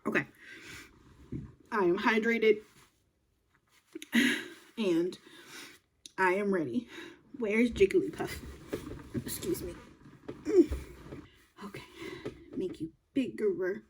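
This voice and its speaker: A woman hosting a reaction video, chatting to herself and reading text aloud slowly. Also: medium pitch, animated, a little hiss or hum. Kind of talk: casual reaction commentary.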